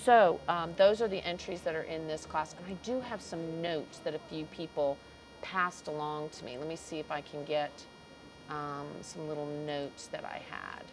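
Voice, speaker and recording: A woman's voice: deep voice, fairly even intonation, moderate pace, over music, rough recording. A woman commentating a cattle show livestream in an arena, chatting, greeting viewers and stumbling over names. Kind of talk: live commentary.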